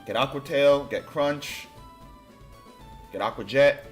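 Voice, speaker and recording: A man streaming a game, thinking out loud in a loose, rambling way and now and then bursting into loud excitement. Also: medium pitch, slow pace, soft background music. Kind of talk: casual game commentary.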